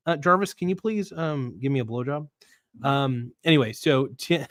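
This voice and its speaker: A man hosting a casual livestream in a dry, close-sounding room, his pitch sitting right in the middle for a man. He talks bluntly and loosely, with slang and swearing. He reads viewer comments aloud and rambles, restarting sentences as he goes. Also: moderate pace, dry recording. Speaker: livestream host.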